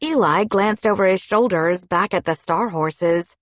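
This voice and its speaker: A woman narrating a children's fantasy audiobook in a steady storytelling delivery. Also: medium pitch, a little slow, no room sound. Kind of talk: scripted narration.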